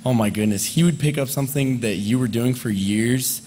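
A man in his twenties speaking as a friend at a memorial service, conversational and halting, with fillers and soft laughs. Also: mid-range voice, slight background noise. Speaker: eulogist, friend of the deceased. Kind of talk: memorial eulogy. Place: memorial service hall, indoors.

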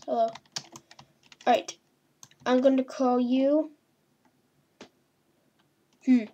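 A woman's voice: high voice, fairly even intonation, drawn-out words, mellow, highs cut off, a little hiss or hum. A woman hosting a gaming video, giving playful horror-game commentary and talking to the characters on screen. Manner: chatty, talks to game characters, mild swearing. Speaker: gaming channel host.

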